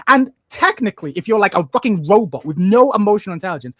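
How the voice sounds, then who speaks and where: A man's voice: high voice, animated, fast talker, a bit bright, no echo, clean studio sound. A man in a casual podcast chat, talking animatedly and acting out the voices he quotes. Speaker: podcast guest.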